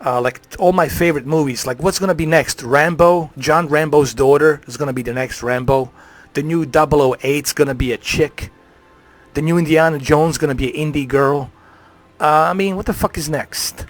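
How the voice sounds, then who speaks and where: A man's voice: a little high, moderate pace, no echo. A man ranting on a live stream, heated and profane, swearing freely.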